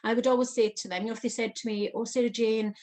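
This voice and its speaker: A woman guest on an interview, recounting a personal experience in an animated manner with frequent laughter. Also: a little high, racing. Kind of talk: storytelling interview.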